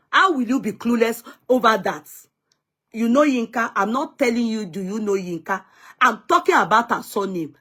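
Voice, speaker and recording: A young woman chatting casually as she reads viewer comments, scolding and teasing them in a chatty way and dropping in Yoruba phrases. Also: mid-range voice. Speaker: vlogger reading live comments.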